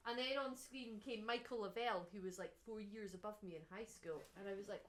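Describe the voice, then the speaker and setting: A woman with a Scottish Highland accent telling a cheerful story on stage at a live house concert. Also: fairly quick, hardly any pauses, fairly bright tone. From Scotland. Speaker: harpist telling a story between songs. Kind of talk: onstage anecdote.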